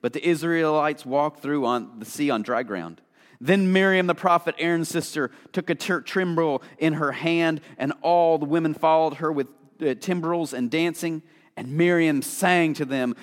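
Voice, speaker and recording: A man's voice: fairly high pitch, normal speed. A man preaching a conversational sermon, chatty and casual, full of fillers, acting out the voices he quotes. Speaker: pastor. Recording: long hall reverb.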